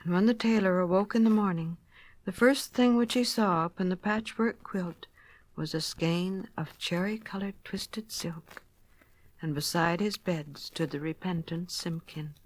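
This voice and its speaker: A woman reading a children's storybook aloud, gentle and expressive, sometimes dropping to a near whisper. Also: on the low side, measured pace, no room sound.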